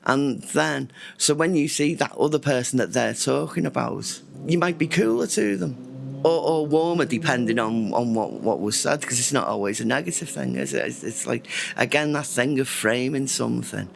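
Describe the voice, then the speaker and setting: A man's voice: medium pitch, moderate pace, vocal fry, a little hiss or hum. A man, talking casually to camera at home in a rambling, reflective way that often interrupts itself. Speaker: vlogger. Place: indoors at home.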